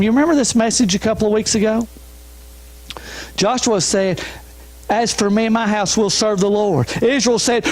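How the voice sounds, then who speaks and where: A male pastor preaches an emphatic sermon built on repeated refrains, urging listeners to listen. His voice is high-pitched and a little mellow.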